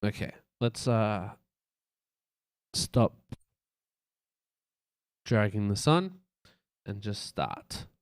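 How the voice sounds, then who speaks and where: A man's voice: on the low side, big pitch swings, drawn-out words, long pauses, no room sound. A man streaming live, casually talking through a website layout as he works, rambling and tossing in playful beeps. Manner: thinks aloud, loose and rambling, with playful sound effects. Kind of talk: casual live-stream commentary while working.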